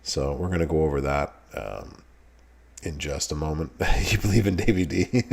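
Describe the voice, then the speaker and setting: A man with a deep, low-pitched voice hosts a relaxed live stream. He chats casually, greets viewers one by one, and laughs easily between remarks. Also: normal speed, gravelly. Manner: laid-back, greets chat viewers by name, laughs often. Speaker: streamer host.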